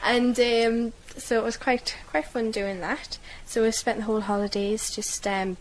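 A woman's voice: on the high side, little pitch movement, measured pace, slight background noise, poor audio. A young woman with a Geordie accent, a university student reading a passage and then chatting in an upbeat way. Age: young adult. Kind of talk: read passage then casual chat.

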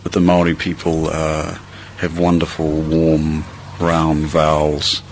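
This is a young man with a New Zealand accent and a very deep voice that hardly rises or falls. He talks in a relaxed, rambling way, full of ums and half-started phrases. A light hiss sits under the recording. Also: slow, rough recording. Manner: relaxed, rambling, many fillers and restarts. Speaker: interviewee. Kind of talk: reading a passage, then casual chat.

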